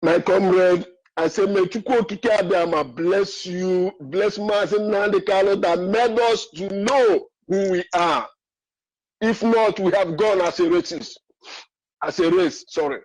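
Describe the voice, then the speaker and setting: A man's voice: sits high, unhurried, a little mellow, rough recording. A man with a Nigerian accent calling into a radio show, emotional and pleading, repeating himself. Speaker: caller. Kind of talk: impassioned call-in. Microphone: phone call.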